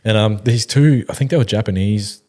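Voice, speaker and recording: A man's voice: fairly low pitch, brisk, darkish tone. A man in his thirties with an Australian accent, rambling through stories in casual, swear-heavy podcast chat. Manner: rambling storyteller, heavy swearing, laid-back slang. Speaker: podcast co-host.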